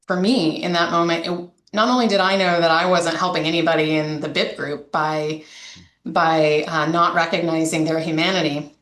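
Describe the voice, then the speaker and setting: A woman's voice: lowish voice, a bit bright, roomy sound. A woman who directs a domestic violence coalition, candidly recounting a story in an interview, with many fillers and restarts.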